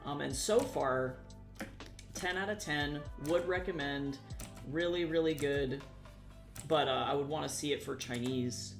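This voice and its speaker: Young adult streamer, casual live chat, rambling, casual swearing, middle pitch, faint music behind. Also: a little slow.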